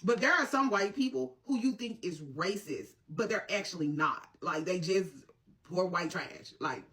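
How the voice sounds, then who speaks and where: A woman's voice: on the low side, animated, normal speed, a bit bright, recorded from a distance. A woman telling a personal story to her viewers, blunt and profane, with lots of asides to her audience. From Mississippi, USA. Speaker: storytime vlogger. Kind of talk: casual storytime.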